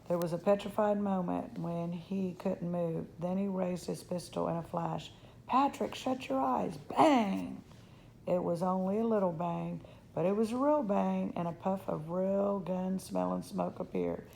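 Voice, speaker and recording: A woman reads a children's chapter book aloud in a steady storytelling manner. Her voice is low, mellow and heavily gravelly, and she sometimes trips over a word. Faint noise sits behind her. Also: normal speed, low-quality recording. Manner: steady storytelling, slips on words. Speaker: reader. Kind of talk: reading a children's novel aloud.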